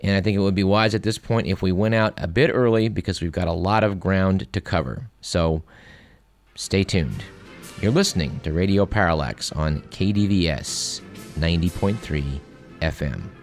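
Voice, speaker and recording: A man's voice: deep voice, moderate pace, faint music behind. A man hosting a radio show, chatting wryly and reading listener emails aloud. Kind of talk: casual radio commentary.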